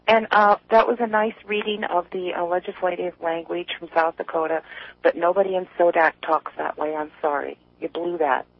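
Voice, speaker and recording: A woman from East Tennessee calling into a radio show, chatty and rambling, quick to laugh. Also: fairly low pitch, steady tone, no room sound. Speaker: caller. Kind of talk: casual call-in chat. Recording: tinny phone line.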